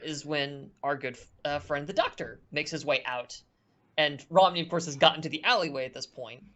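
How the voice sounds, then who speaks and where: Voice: medium pitch, normal speed, fairly bright tone, muffled recording. A game master narrating a horror tabletop game in a loose, chatty way with lots of fillers.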